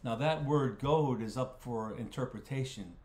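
A man's voice: mid-range voice, measured pace, a little mellow. A man leading a casual Bible study as its pastor, talking in a folksy way and often repeating words while he thinks aloud. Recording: roomy echo.

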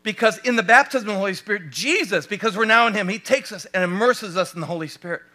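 A male pastor with an American accent preaching a sermon, animated and asking his congregation rhetorical questions. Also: high-pitched, fast talker.

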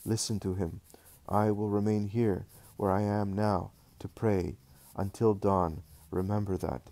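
A gentle, sorrowful Jesus, read by a man in a devotional storybook reading. The voice is low and dark, soft and measured in its tenderness. The sound is dry and close. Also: level tone, no room sound. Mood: tender. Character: Jesus, gentle grieving teacher, adult man.

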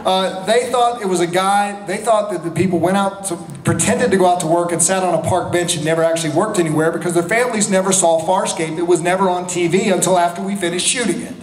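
Energetic man in an echoey convention hall. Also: sits high, quick pace, few pauses. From North Carolina, USA. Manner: energetic, animated storyteller. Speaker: convention panel guest. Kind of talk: lively convention Q&A. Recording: echoey hall with faint noise.

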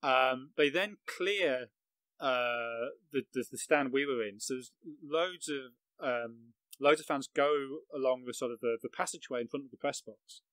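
Speaking unhurriedly in a mid-range, slightly bright voice, this guest is a middle-aged football journalist from England. He tells a vivid, self-mocking anecdote on a podcast about a match he covered, laughing along the way, and the rough recording has no echo.

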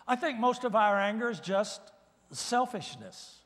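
An older man preaching a sermon in a fairly high voice, mixing scripture with folksy, humorous stories. The sound carries a long church reverb. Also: sing-song, measured pace, fairly bright tone. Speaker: guest preacher. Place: church sanctuary.

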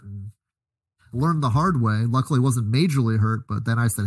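Easygoing man with a husky voice. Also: mid-range voice, moderate pace, no echo. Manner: easygoing anecdotal storyteller. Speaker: podcast co-host. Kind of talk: casual chat.

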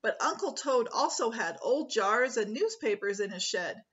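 A woman, a preschool teacher, reading a picture book aloud to children in a slow, expressive way. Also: on the high side, dull audio.

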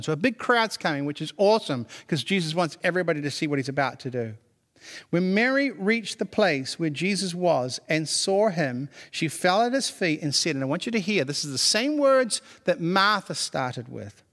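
A male pastor preaching with a fairly high voice. He builds his points in repeated declarations and reads scripture aloud between them. The sound carries a long hall reverb. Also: lively intonation, moderate pace, fairly bright tone. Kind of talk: sermon.

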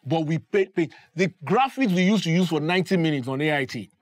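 A man's voice: fairly high pitch, expressive, fast, dry recording. Earnest man with a dry sound. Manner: earnest, emphatic storytelling. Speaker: broadcaster and production company founder. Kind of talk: roundtable discussion.

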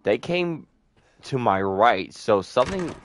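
A young man giving casual let's-play commentary, joking, swearing a lot and letting out sudden loud whoops. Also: mid-range voice, big pitch swings, slow, slight background noise. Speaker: gameplay streamer.

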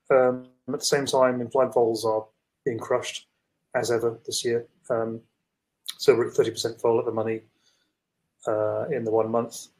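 A man's voice: mid-range voice, darkish tone, low-quality recording. A man on a trading call, rambling through his positions with many hesitations and fillers. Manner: rambling, hesitant, self-deprecating. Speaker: guest trader. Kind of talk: casual chat on a call.

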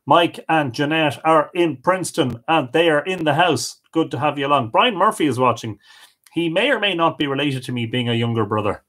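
A man's voice: on the high side, expressive, fairly quick, a bit bright. An Irish man hosting a live stream, reading out viewer comments and greeting each person, sometimes stumbling over unfamiliar names. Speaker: host of a live storytelling stream.

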